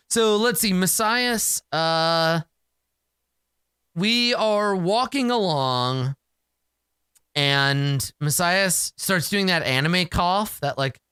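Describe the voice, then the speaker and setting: A man's voice: a little high, expressive, measured pace, a bit bright, clean tone, dry recording, clean studio sound. A man playing a solo tabletop role-playing game, thinking aloud about his rolls, self-mocking and exasperated, with casual swearing.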